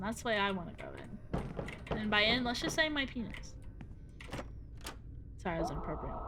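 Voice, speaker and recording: A woman's voice: fairly high pitch, sharp tone, a little hiss or hum. A woman streaming a game, chatting playfully to her viewers, cursing now and then and reading dialogue aloud. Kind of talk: casual gameplay commentary.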